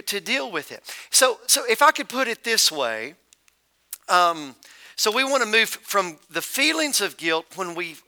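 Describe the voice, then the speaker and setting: A man's voice: high voice, pushed and bright. A middle-aged male pastor preaching a sermon in a conversational, joking storytelling manner.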